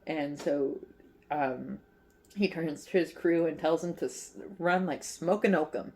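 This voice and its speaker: A woman's voice: sits low, a little slow, a little mellow. A woman hosting her crochet channel, casually retelling a favorite movie in a chatty, rambling way with lots of fillers, acting out the characters' lines. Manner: playful, acts out characters' lines.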